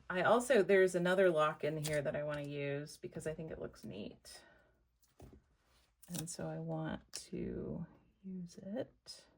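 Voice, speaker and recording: Slow, chatty American woman crafting. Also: low voice. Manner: chatty, thinks aloud, talks to viewers as y'all. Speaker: craft vlogger. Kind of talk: casual crafting chat to camera.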